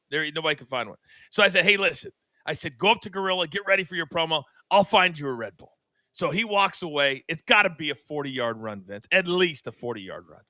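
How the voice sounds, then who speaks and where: Older man, talk show co-host, very bright forceful voice, dry close sound, dramatic storyteller. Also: on the high side, no echo. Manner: dramatic, acts out scenes and sound effects. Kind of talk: animated storytelling.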